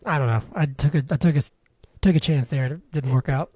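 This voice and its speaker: Young guy cohosting a podcast, mellow dark voice, jokey and rambling, dry close sound. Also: a little high, a little fast, breathy edge, no room sound. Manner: joking, rambling, wheezy laughs. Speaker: podcast co-host. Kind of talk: casual chat.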